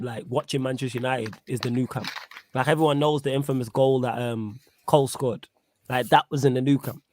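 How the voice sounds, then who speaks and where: A man hosting a casual football chat, slangy and animated, laughing often. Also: medium pitch. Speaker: podcast host.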